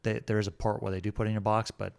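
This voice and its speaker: A middle-aged man co-hosting a podcast, telling a story deliberately and often correcting himself mid-sentence. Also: on the low side, little pitch movement, vocal fry, darkish tone, clear, resonant tone. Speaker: podcast co-host. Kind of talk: casual podcast conversation.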